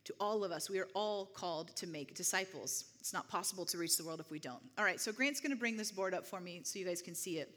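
Bright-voiced woman preaching. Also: lowish voice, fast, few pauses. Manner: conversational, asks the room "right?" often. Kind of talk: sermon. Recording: long hall reverb.

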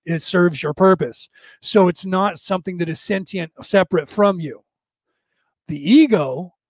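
Higher-voiced man talking in a dry, close room. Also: vocal fry, no echo. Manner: conversational, repeats and restarts, drops to a hush for asides. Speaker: spiritual podcast host. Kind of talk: casual spiritual talk to a live chat. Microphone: close desk microphone.

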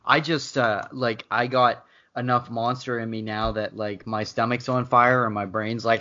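A man's voice: medium pitch, steady tone, normal speed, few pauses, bright, forceful tone. A man co-hosting a podcast, rambling and joking in casual, profane chat. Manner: rambling, joking, swears freely. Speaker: podcast co-host. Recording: dull lo-fi sound.

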